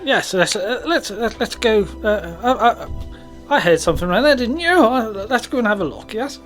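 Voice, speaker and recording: A woman's voice: on the high side, animated, moderate pace, soft background music, lightly acted. A woman voicing a dithering, awkward adventurer who stammers and hesitates constantly. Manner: stammering, hesitant, full of uhs.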